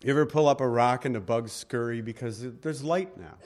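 A man's voice: medium pitch, fairly quick, a little mellow. A male pastor delivering a sermon, talking to his congregation as if in conversation. He tells personal stories between points. His voice sits in the middle of the usual range for a man. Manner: conversational storytelling preaching.

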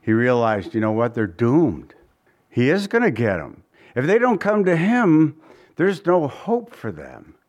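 A man's voice: medium pitch, huge pitch swings, unhurried, a little mellow, highs cut off. A man preaching a sermon in a conversational way, often asking his listeners questions and chuckling between points. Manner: restarts often, chuckles now and then. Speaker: pastor.

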